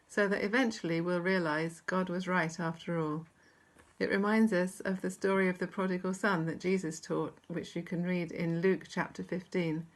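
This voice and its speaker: A woman with a British accent giving a measured, reflective devotional talk and reading scripture aloud. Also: on the low side. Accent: British English. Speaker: church speaker.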